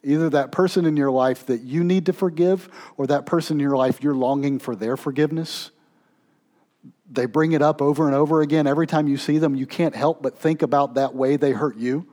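A pastor in the middle of his sermon, his voice sitting a little higher than most men's. He swings between raised, pleading intensity and quiet, low-voiced stretches that draw the listener in. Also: fairly quick.

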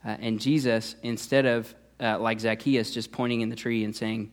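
A man's voice: lowish voice, level tone, moderate pace. A man who is a youth pastor, preaching a sermon in a conversational way, with frequent "uh" fillers and restarts.

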